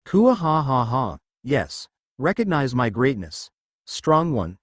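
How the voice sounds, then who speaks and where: Boastful dragon in slime form, grandiose, lively pitch, dry sound, voiced by a man. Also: normal speed, dry recording. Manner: booming theatrical laugh, grandiose. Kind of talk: fan fiction reading.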